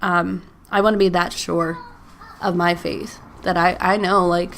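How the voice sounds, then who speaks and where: Speaking slowly in a lowish, steady, fairly bright voice, a woman in her thirties hosts a faith podcast by herself amid slight background noise. She's chatty, leaning on "like" and "um," laughing between thoughts and at times close to tears.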